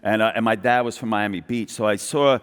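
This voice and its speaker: A middle-aged man with a Brooklyn New York accent, telling his business story on a conference stage in an animated way, acting out other people's lines and restarting his sentences quickly. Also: fairly low pitch, clean tone. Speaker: guest entrepreneur. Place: large event hall stage. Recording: reverberant conference hall.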